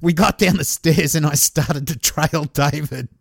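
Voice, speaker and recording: Podcast host, male, reads listener mail with loose swearing and chuckles; a fairly high, gravelly voice. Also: measured pace, fairly bright tone, dry recording, studio quality. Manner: casual and profane, chuckles while reading. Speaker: true crime podcast host. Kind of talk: reading out a listener's story, casual chat.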